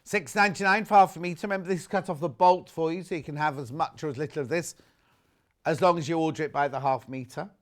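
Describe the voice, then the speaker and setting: A British man with a slightly high voice talks quickly while presenting fabrics on a live shopping channel. He chats and jokes casually and reads out messages from viewers.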